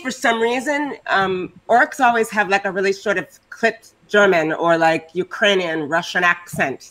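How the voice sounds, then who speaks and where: A woman with a mid-range voice, speaking in a chatty, animated way on a live panel. She gives friendly advice in a loose, conversational flow. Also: medium pitch. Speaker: panelist on a roleplay stream. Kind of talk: casual panel discussion.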